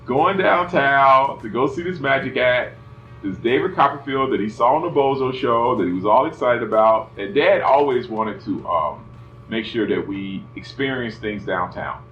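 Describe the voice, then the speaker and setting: A man's voice: medium pitch, normal speed. A middle-aged man telling a family story casually, acting out the voices and saying "you know" a lot. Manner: animated, acts out voices, many "you know" fillers. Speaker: son telling family stories. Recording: roomy, slightly dull, faint music behind.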